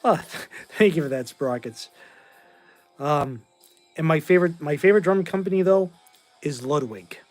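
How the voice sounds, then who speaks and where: A man's voice: a little high, moderate pace, pauses often, soft background music. A tired man in his forties from Massachusetts, hosting a casual livestream and talking bluntly and in rambling fashion as he answers chat. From Massachusetts, USA. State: tired, short on sleep.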